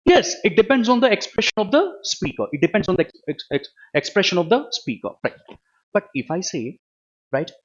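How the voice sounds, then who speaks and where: A higher-pitched man teaching an online grammar class. He has a husky voice and keeps repeating each question before he answers it. The recording sounds dull and lo-fi. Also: sing-song, brisk. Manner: repeats questions and answers them himself, with frequent tag "right, ma?". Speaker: English teacher.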